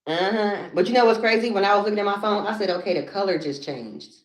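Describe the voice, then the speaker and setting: A woman's voice: mid-range voice, fast. A woman chatting casually on a phone live stream, laughing often and calling her viewers honey. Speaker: comedian hosting a live stream.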